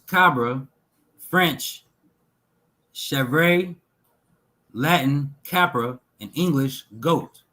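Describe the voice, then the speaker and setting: A man reads through lists of words at an unhurried, very slow pace, pausing after each item. His delivery is measured and deliberate, like someone working through a text aloud. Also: mid-range voice, pushed and bright, rough recording. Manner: slow, measured reading with pauses between list items. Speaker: talk show host reading linguistic examples.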